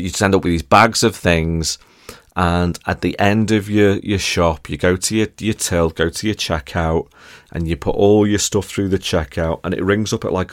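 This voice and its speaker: Chatty low-voiced man. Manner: chatty, jokey, addresses listeners directly with tag questions. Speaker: podcast host. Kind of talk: casual podcast monologue.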